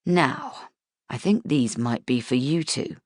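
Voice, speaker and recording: A woman voicing a playful father who puts on a slow, growling monster voice for his daughters. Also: a bass voice, sing-song, no room sound, studio quality, pitched below the performer's own voice, exaggerated voice. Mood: gentle.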